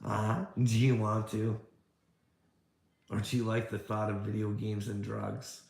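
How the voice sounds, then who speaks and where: Gravelly man ranting, echoey room. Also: on the low side, monotone, a little slow, a little mellow. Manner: combative, fires off rhetorical questions, keeps saying "bud" and "you know what I mean"; swears a lot. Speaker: video creator ranting at a critic. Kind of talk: confrontational rant.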